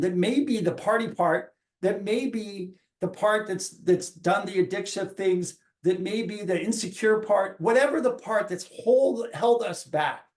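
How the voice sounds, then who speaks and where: A man in his forties, a coach talking earnestly in a reflective podcast, often restarting his phrases as he thinks aloud. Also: high voice. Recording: roomy echo.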